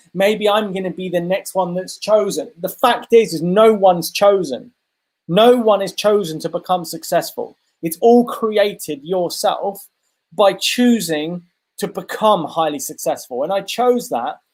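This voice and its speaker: A man's voice: high-pitched, darkish tone. A middle-aged man speaks as an interview guest. He tells his own story earnestly and confessionally, stringing his thoughts into long run-on sentences. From United Kingdom. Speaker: interview guest, transformational coach.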